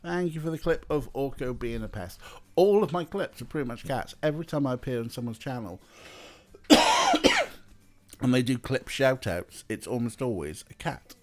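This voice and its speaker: A man's voice: mid-range voice, huge pitch swings, normal speed. A young man streaming, chatting casually and talking to his cats as he plays. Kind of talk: casual live-stream chat.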